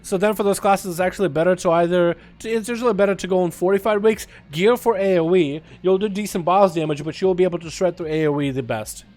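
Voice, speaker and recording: A young man livestreaming a video game in a casual chat, reading and answering his chat, with sudden loud excited outbursts. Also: sits high, quick pace, few pauses, soft background music. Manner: chatty, reads and answers chat, bursts into loud excited outcries.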